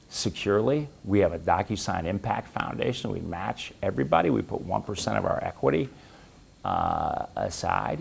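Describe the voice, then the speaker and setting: A middle-aged man recounts a business story in a relaxed, chatty way, playing out both sides of old conversations. His voice sits very low and is thick with gravel and a husky edge. His pitch swings widely as he goes. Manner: animated anecdote, acting out quoted dialogue. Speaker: business executive telling a story. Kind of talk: casual storytelling.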